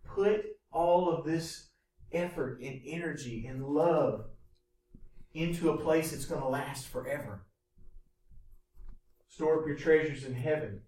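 A man preaching a sermon, pressing the congregation with repeated rhetorical questions. His voice sits somewhat high for a man. It rings through a very echoey church hall, picked up from some distance. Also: darkish tone. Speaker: pastor. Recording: echoey room, voice from off-mic.

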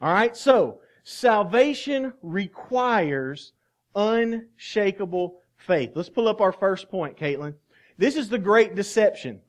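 A man preaching a sermon as pastor of a church, emphatic and earnest, dropping to a hushed voice and then rising again. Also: high voice. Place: church sanctuary.

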